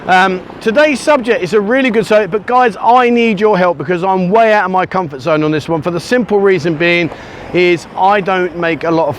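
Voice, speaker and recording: Chatty English man vlogging outdoors. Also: high voice. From United Kingdom. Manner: chatty, self-mocking, rambling asides. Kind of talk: casual walking vlog. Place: outdoors on a sunny beachfront by a busy road. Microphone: handheld camera at arm's length. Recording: faint outdoor traffic noise.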